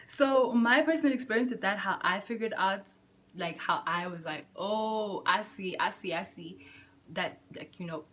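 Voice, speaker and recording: A young woman vlogging from home in candid, profane, slang-filled chat, jumping between loud bursts and soft near-whispers. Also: on the low side, a little hiss or hum. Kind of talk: casual chat to camera.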